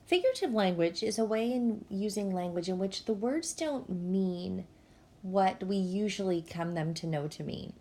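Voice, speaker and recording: A woman's voice: medium pitch, moderate pace, dark tone. A woman teacher, explaining a lesson patiently and speaking directly to her students. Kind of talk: recorded classroom lesson. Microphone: tablet microphone.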